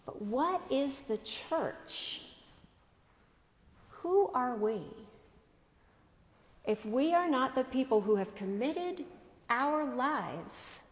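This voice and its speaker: A woman pastor preaching a sermon in a measured style, asking rhetorical questions. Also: on the high side, big-room sound. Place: church.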